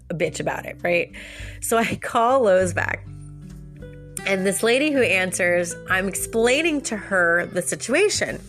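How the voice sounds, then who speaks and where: A woman hosting a podcast, telling a personal story in a casual, animated way and laughing often. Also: mid-range voice. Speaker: podcast host and life coach.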